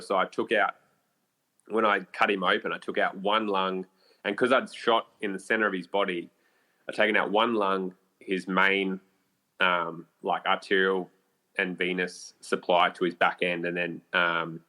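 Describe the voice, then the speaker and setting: Australian man, low-pitched voice, casual swearing, many fillers, animated storytelling. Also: moderate pace. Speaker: podcast guest, bowhunter. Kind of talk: storytelling in a podcast interview.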